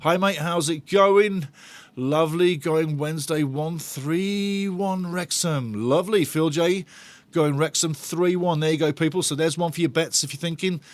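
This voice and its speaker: A man's voice: on the high side, unhurried, no echo. A man hosting a live football watch-along, chatting with viewers in a bantering, sarcastic way. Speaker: host of a football fan watch-along channel.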